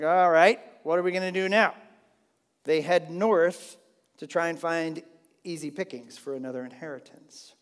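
A male Bible teacher with a slightly high voice, talking in a lively, conversational way. He often restarts his sentences mid-thought. A long hall reverb trails his words. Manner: animated, conversational, with frequent restarts. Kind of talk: Bible lesson.

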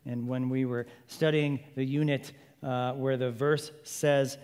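A male preacher and Bible teacher delivering a sermon in an animated way, with rhetorical questions and playful humor. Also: mid-range voice, normal speed, hardly any pauses, in a large hall.

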